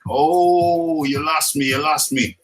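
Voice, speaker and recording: A man's voice: medium pitch, steady tone, measured pace, bright, forceful tone, rough recording. A man with a British accent hosting a casual live stream, playful and laughing often, repeating his lines as he reads the chat.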